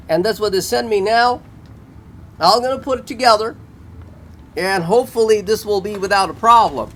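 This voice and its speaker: A man's voice: high-pitched, normal speed, pauses often, a bit bright, a little hiss or hum, poor audio. A man telling a complaint story to camera in a vlog, exasperated and repetitive in short clipped phrases. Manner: exasperated, retelling phone calls in his own words. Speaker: vlogger reviewing a product.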